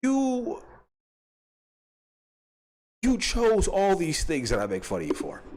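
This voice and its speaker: A man's voice: sits high, huge pitch swings, slow pace, darkish tone. A man hosting a reaction stream, ranting and mocking a clip's subject in profane commentary. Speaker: host reacting to clips.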